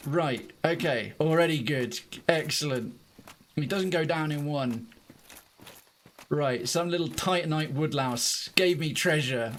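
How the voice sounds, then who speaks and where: A man giving casual, self-mocking commentary while streaming a game, breaking into excited outbursts. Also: mid-range voice, takes it slowly, slight background noise.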